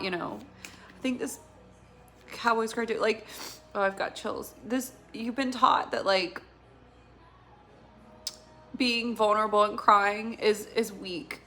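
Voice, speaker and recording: A woman gives a casual, intuitive tarot reading in a mid-range voice that sounds pushed and bright. She talks earnestly and emotionally, rambling with many fillers.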